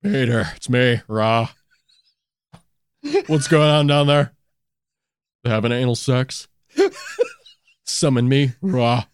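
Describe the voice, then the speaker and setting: A man voicing a goofy, dopey male sun god in a cartoonish sitcom style, blustering and breaking into loud bursts. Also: medium pitch, steady tone, slow, pauses often, clean tone, pitched below the performer's own voice, close to an everyday voice.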